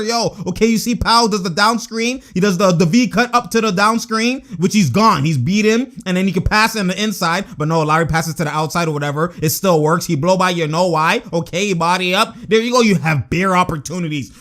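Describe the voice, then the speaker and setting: A young man giving excitable, slangy basketball reaction commentary and laughing often. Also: high-pitched, a little fast. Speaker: sports vlogger.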